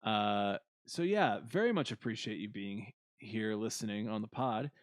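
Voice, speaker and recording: A man's voice: lowish voice, animated, a little slow, dry recording, studio quality. A young man co-hosting a casual podcast, telling awkward stories on himself with lots of laughing and swearing. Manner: self-mocking, laughing, swearing storyteller. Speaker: podcast co-host.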